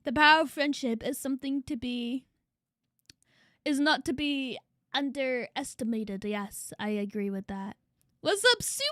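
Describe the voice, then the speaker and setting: Young woman streamer, high pitched, brash and swearing a lot, super dry close mic. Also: steady tone, measured pace, no room sound. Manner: loud, brash and crude, greeting chat by name. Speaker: vtuber streamer. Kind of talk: casual live-stream chat.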